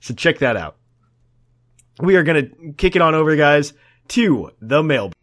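A man's voice: fairly high pitch, big pitch swings, normal speed, a bit bright. A man hosting a casual podcast, talking in a laid-back, rambling way and laughing often. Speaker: podcast host.

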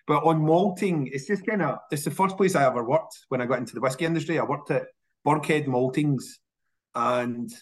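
Scottish man, casual interview guest, lively storyteller who doubles up words when he restarts. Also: on the high side, brisk. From Scotland. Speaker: whisky industry guest.

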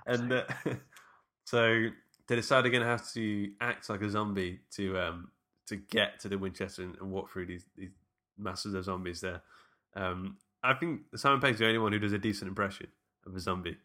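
Low-voiced man with a bright tone. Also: steady tone, moderate pace. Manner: leads the talk, narrates scenes step by step with fillers. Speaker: podcast host. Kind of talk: casual film recap chat.

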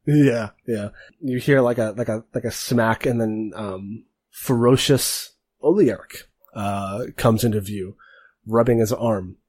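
A man narrating a tabletop game as game master, relaxed and rambling. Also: lowish voice, takes it slowly, breathy edge, no room sound.

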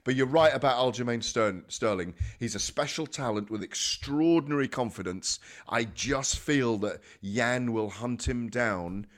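A man's voice: mid-range voice, unhurried, hardly any pauses. A man co-hosting a sports radio show, chatting animatedly about fights and telling stories. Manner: animated, storytelling, emphatic. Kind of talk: casual sports chat.

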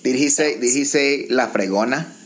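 A man from Colombia co-hosting a podcast in playful casual chat, quick to laugh. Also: medium pitch. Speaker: podcast co-host.

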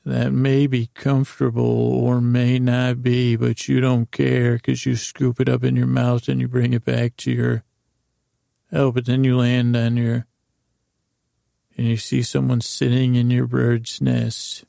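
Rambling man with a gravelly, flat voice. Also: medium pitch, no room sound, clean studio sound. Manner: meandering, halting, full of ums and restarts. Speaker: podcast host. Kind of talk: rambling improvised sleep story.

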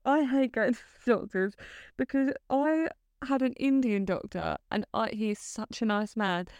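Woman, podcast co-host, smooth clear voice, fairly high, chatty, dry close mic. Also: moderate pace, a little mellow, dry recording, muffled recording. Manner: chatty, enthusiastic, laughs often. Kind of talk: casual chat.

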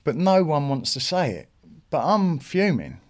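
A middle-aged man with a somewhat high voice tells a story as a podcast guest. He talks in a casual, animated way, swearing freely and acting out the other people in his tale. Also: measured pace. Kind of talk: casual anecdote telling.

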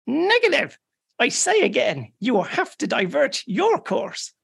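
A stubborn lighthouse radio operator, put on by a podcast co-host, who answers in a high, strained voice and holds firm without budging. The replies come flat and unyielding, like curt messages over a ship's radio. The voice stays planted on the same stubborn note throughout. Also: unhurried, vocal fry, slightly rough, full character voice. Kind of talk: reading a joke aloud in parts.

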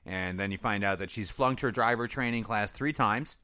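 Man, podcast recap, casual, animated storytelling, very bright tone, dry sound. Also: fairly low pitch, moderate pace, dry recording. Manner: animated storyteller, acts out characters' lines, laughs often. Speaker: podcast host recapping episodes. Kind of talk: casual comedic recap chat.

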